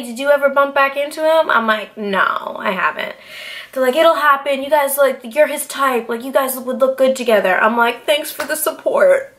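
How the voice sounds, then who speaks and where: Woman in her late twenties from Boston, storytelling vlogger, slightly high voice, animated and profane. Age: 20s. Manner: animated, swears freely, acts out quotes. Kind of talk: casual storytelling.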